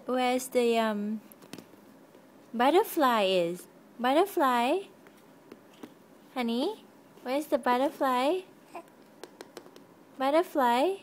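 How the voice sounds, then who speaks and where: A woman's voice: high voice, a little hiss or hum. A young woman reading a picture book to her baby at home, asking patient, coaxing questions in a sing-song voice. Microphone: handheld camera.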